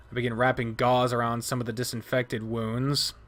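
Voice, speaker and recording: A man reading a visual novel aloud in a middle-pitched voice. His delivery is expressive and dramatic, and he breaks in now and then with his own asides. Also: normal speed, hardly any pauses. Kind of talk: narrating a game aloud.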